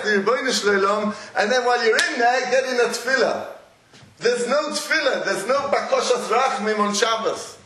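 A man giving a Talmudic lecture to a small audience, halting, many restarts and frequent laughs. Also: high voice. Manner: animated, halting with repeated restarts, laughs often. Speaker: Torah teacher. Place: echoey room with a live audience. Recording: roomy echo, faint noise.

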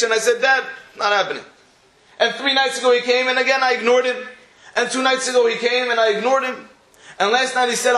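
A man's voice: extremely high pitch, steady tone, fast talker, sharp tone, roomy sound. A man giving a sermon, telling a story and acting out the dialogue in it. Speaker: rabbi giving a talk.

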